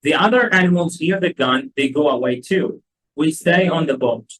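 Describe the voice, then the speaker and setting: A man with an Egyptian Arabic accent, an English teacher who reads a simple story slowly and carefully, then goes back over the words. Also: fairly high pitch, fairly bright tone, low-quality recording. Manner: slow, careful reading with drilled repetitions. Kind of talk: reading a graded story aloud, then explaining it.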